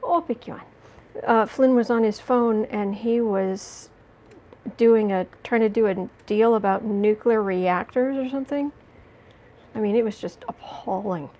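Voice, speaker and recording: A woman hosting a casual livestream from home, chatting with viewers and reading their questions in a relaxed, rambling way. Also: medium pitch, a little slow. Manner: chatty, coos baby talk to her cat between reading viewer questions. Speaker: tarot reader and livestream host.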